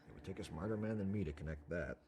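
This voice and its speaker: A man's voice: low-pitched, very fast, a little mellow, slight background noise, lightly acted. An actor playing a 1940s male police detective who speaks in a clipped, matter-of-fact way. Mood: dry. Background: game music.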